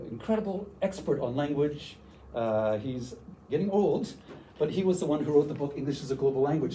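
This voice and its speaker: An older man from Canada giving a conference workshop talk, an animated storyteller who acts out his younger self in quoted lines. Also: a little high, slight background noise, low-quality recording. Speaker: workshop presenter. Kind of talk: conference talk with personal stories. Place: conference room.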